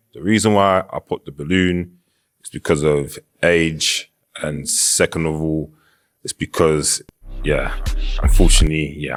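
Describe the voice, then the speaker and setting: Very deep man, dramatic delivery. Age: 30s. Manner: drawn-out, dramatic storytelling. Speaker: dating show contestant.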